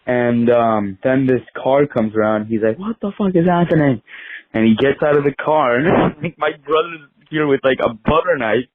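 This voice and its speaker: A man's voice: medium pitch, fairly even intonation, normal speed, few pauses, dry recording, narrow, tinny audio. A young man telling a rambling story into a voicemail, full of filler words. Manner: rambling, lots of filler likes. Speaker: voicemail caller. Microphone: phone. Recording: phone voicemail line.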